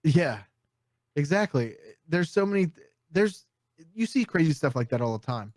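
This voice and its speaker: A man co-hosting a podcast in casual chat, trading quick banter and laughing asides. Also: fairly high pitch, sing-song, darkish tone, dry recording, clean studio sound. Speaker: podcast co-host. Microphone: studio mic.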